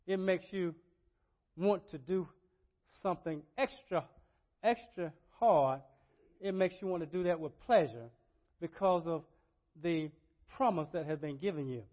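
High-voiced older preacher, lo-fi. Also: male voice, lively intonation, a little slow, pauses often. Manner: swings from low asides to loud impassioned crying out; repeats words and phrases, preacherly cadence. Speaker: pastor. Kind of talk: sermon. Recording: dull lo-fi sermon recording.

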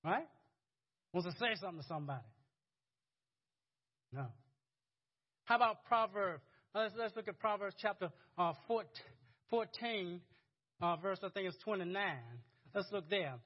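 A man's voice: high-pitched, moderate pace, pauses often, dull audio. A man preaching a sermon in a conversational, chuckling way, often repeating words as he goes. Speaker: pastor.

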